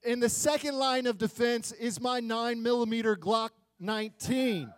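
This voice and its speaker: A male pastor preaching a sermon in an animated, joking way, swinging between loud bursts and quiet stretches. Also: very high-pitched, normal speed.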